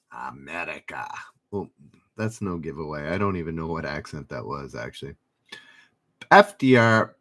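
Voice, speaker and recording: Male trivia livestream host, unhurried delivery, lively up-and-down pitch, dry asides between questions. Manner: reads questions and chat names, dry asides.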